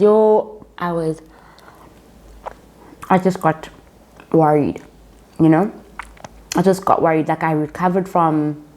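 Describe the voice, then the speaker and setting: A woman's voice: low voice, darkish tone. A young South African woman vlogging casually, retelling a personal story with quoted dialogue and often calling her viewers guys.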